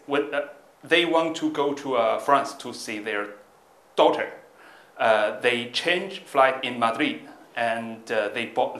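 Bright-voiced man telling a halting anecdote. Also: mid-range voice, roomy sound. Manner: halting, non-native English with many fillers and restarts. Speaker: stand-up comedian guest.

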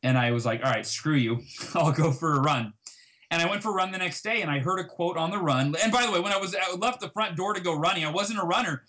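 A man telling a personal story as an interview guest, acting out past conversations with lively emphasis. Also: sits high, fast. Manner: animated, reenacts dialogue with emphasis.

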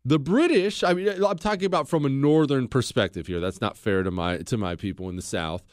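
A man's voice: medium pitch, brisk, dry recording, studio quality. A man hosting a talk show, giving an emphatic, blunt history monologue and repeating phrases for stress.

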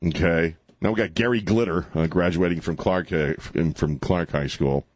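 Brash male talk radio host, deep-ish voice, close dry studio mic, sardonic call-in rant. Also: moderate pace, husky, no room sound. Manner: brash, mocking, laughs at his own jokes. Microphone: studio microphone.

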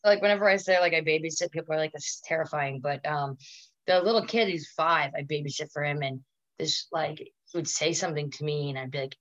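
A woman's voice: sits low, fairly even intonation, quick pace, fairly bright tone, no room sound, lo-fi sound. A woman in her thirties, a comedian guest telling stories in casual podcast chat, rambling and full of "like". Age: 30s. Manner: rambling storyteller, filler-heavy "like".

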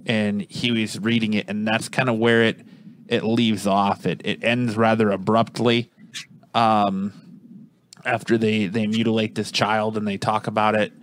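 A man's voice: on the low side, little pitch movement, measured pace. A man casually reviewing a comic book on a podcast, rambling and restarting his sentences as he searches for words.

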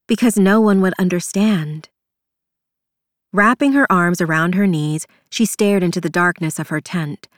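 A woman narrating an audiobook in a measured, somber storytelling manner. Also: lowish voice, no room sound, studio quality. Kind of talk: scripted narration.

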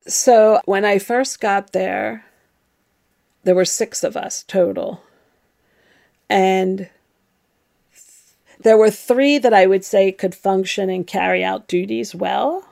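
Middle-aged woman, ex nun telling her story straight, gravelly voice, dry sound. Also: medium pitch, slow pace, pauses often, a little mellow, dry recording. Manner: candid, reflective, emphatic. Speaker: interviewee, former nun. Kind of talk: personal storytelling.

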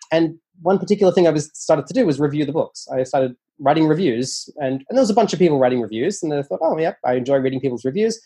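A man's voice: a little high, husky. A man being interviewed about his writing, telling stories casually and animatedly, with lots of fillers and playful quoted dialogue. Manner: animated, often acts out quoted dialogue in a raised voice; chatty, many fillers and restarts. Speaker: interview guest, nonfiction author. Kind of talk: casual conversational storytelling.

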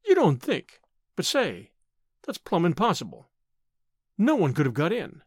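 A man voicing a brash, excitable young man who talks in blunt slang. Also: high-pitched, measured pace, breathy edge, no echo, studio quality, heavily acted. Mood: exasperated.

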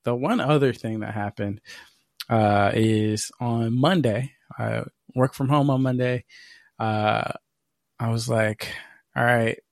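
Male podcast co-host with a gravelly edge and a dry, close mic, for loose, profane storytelling. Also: mid-range voice, fairly even intonation, takes it slowly, no room sound. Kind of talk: casual chat.

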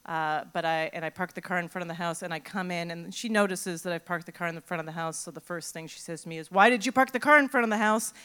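A middle-aged woman telling a personal story on stage, animated and self-mocking. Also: fairly low pitch, fast, hardly any pauses, smooth. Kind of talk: live storytelling.

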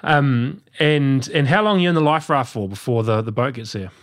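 A man interviewing a guest, asking questions in a halting, attentive way. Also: medium pitch.

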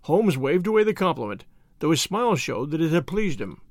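A man reading a classic detective story aloud as an expressive, lively narrator. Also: fairly high pitch, a little fast, no room sound, studio quality. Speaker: audiobook reader.

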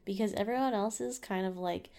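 Woman, podcast co-host, movie review chat, gravelly, mellow tone, chatty, laughs easily. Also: mid-range voice, fairly quick.

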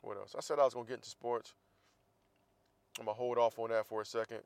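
A man's voice: medium pitch, flat delivery, fast, creaky, clean tone, no room sound. A man hosting a casual opinion monologue, talking in a blunt, profane and heated way, with sarcastic asides. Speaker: podcast host.

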